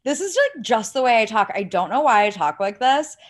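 A woman from Ohio, a podcast guest, chatting casually with heavy vocal fry and lots of "like" fillers, on a laptop mic. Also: fairly high pitch, expressive, brisk. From Ohio, USA. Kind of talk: casual interview chat. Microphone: laptop mic without headphones.

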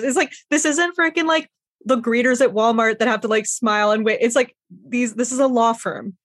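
A woman hosts a casual podcast chat in a fairly high voice, talking quickly with lots of "like". The recording is dry and close. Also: fairly even intonation, dry recording. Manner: chatty, quick, uses "like" a lot. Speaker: podcast host.

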